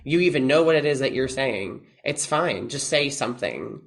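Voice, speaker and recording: Animated man explaining music teaching. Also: mid-range voice, moderate pace. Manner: animated, quotes himself to students, many restarts. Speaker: oboe professor, interview guest. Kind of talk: casual podcast interview.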